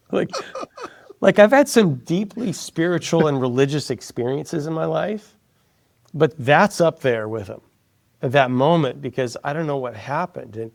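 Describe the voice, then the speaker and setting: Gravelly man telling a story. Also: mid-range voice, measured pace. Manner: animated, quotes others in a soft hushed voice. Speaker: guest. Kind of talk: casual storytelling in an interview.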